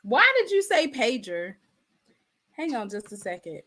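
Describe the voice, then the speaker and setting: Woman in her 30s on a livestream, bright voice, talks slow, lots of ups and downs, chatty with the chat. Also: fairly high pitch, sing-song. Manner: chatty, addresses the chat directly. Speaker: livestream host.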